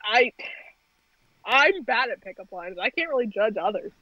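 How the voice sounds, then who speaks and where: Bright, animated young woman storyteller. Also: a little high, moderate pace, no room sound, dull audio. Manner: animated storyteller, laughs often. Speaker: podcast co-host. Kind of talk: casual podcast chat.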